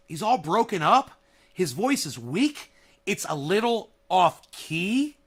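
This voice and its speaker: A man vlogging from home in a casual, rambling monologue, telling a story excitably and swearing often. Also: sits high. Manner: animated, profane, excitable storytelling. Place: at home, near a kitchen.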